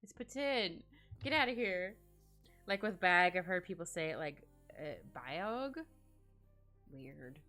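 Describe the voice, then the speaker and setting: Bright, giggly woman streamer. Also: lowish voice, measured pace. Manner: rambling, giggly, reads and answers chat. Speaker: art streamer. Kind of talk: casual chat while drawing. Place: home streaming setup. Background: faint background music.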